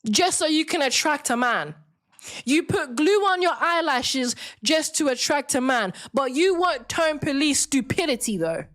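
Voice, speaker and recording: In a high, somewhat bright voice, this woman runs a live-stream debate and goes on a combative rant, mocking and lecturing her audience.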